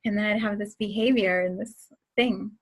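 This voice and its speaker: A woman's voice: medium pitch, steady tone, normal speed. A woman in her forties hosting a casual spiritual talk, chatty and laughing often as she tells stories. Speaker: host.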